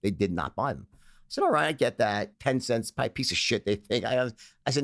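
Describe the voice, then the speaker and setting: A man as an interview guest, telling stories and acting out phone sales pitches in character. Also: expressive, fairly quick, a bit bright, no room sound, clean studio sound. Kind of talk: storytelling in a conversational interview.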